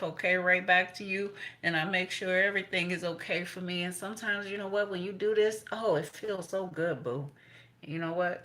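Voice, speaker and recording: A middle-aged woman reads tarot cards for her viewers in a loose, chatty way. Her voice sits a little low yet comes across bright and forceful, and she swears freely while acting out what people say. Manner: profane, blunt, chatty, quotes people in voices. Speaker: tarot reader. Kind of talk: casual tarot reading to viewers.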